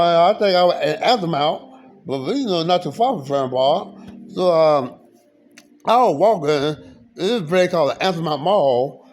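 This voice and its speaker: High-voiced man rambling through his story. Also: darkish tone. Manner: halting, repetitive, frequent restarts and fillers. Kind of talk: rambling personal account.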